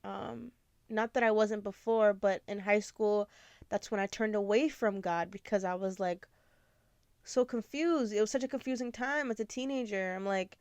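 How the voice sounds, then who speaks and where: A woman's voice: medium pitch, normal speed, clear, resonant tone, no echo. A woman in her twenties hosting a podcast, talking candidly and rambling with lots of fillers. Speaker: podcast host. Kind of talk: casual confessional chat.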